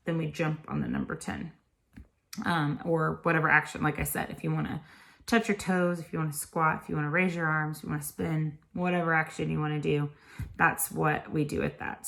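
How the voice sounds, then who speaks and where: A woman's voice: low voice, vocal fry. A tired woman tutor chatting her way through a lesson, explaining each step to other parents. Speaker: homeschool tutor. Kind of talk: casual instructional video.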